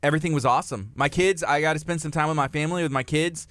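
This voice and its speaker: A man's voice: on the high side, rapid-fire. A man in his thirties co-hosting a morning radio show, chatting casually and teasing his partner. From Texas. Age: 30s. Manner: teasing, chatty, rising to excited emphasis. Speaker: radio co-host. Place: radio studio.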